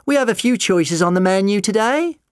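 A man's voice: fairly high pitch, very animated, normal speed, no room sound, clean studio sound, voice pushed up. A man reading aloud, voicing a robot woman who cheerfully threatens murder. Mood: taunting. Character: menacing robot woman posing as cook.

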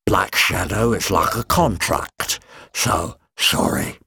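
A hulking furry monster voiced by a man that rumbles along in a slow, gravelly drawl, cheerfully matter-of-fact about its grim work. The voice is husky and sits low. The audiobook recording is dry and close. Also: bright, forceful tone, no echo, heavily acted. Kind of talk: audiobook character voice.

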